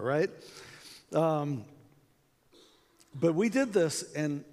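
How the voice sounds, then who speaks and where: This American conference speaker shares a personal story conversationally, performing the quoted voices and leaning on plenty of fillers. His fairly high voice is sing-song and a little mellow, moving at a measured pace with long pauses. The hall is echoey, with long reverb.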